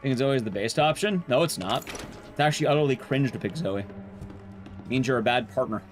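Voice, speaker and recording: A young man streaming a game, chatting with viewers in a deadpan, joking way. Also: mid-range voice, fairly quick, soft background music. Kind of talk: casual gameplay commentary.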